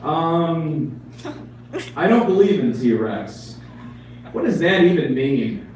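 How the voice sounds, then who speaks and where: A man's voice: a little high, lively intonation, slow, a little mellow, slight background noise. Man doing snippy city pigeons. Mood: bickering. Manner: bickering, sarcastic. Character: two snippy, self-pitying city pigeons. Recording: echoey room, mic far off.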